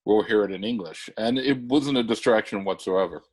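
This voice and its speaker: A man's voice: on the low side, fairly quick, a little mellow. An American man co-hosting a casual podcast, thinking aloud with restarts. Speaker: podcast co-host. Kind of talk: casual chat.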